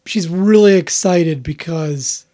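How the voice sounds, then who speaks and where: A man's voice: on the high side, takes it slowly, warm tone. Rambling, opinionated male podcast host. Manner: rambling, opinionated, self-interrupting. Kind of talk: casual chat.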